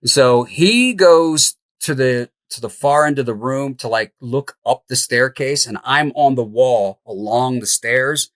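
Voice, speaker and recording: A middle-aged man telling a story as an interview guest, animated and laughing as he goes. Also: medium pitch, unhurried, hardly any pauses, no echo. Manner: animated, laughs through the tale. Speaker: podcast guest, house flipper.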